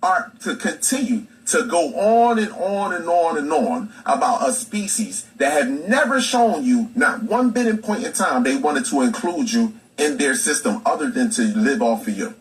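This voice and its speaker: On poor audio, a social media commentator with a fairly high, animated voice delivers a passionate, profane monologue to his audience at normal speed, barely pausing. He fires off rhetorical questions with heavy emphasis.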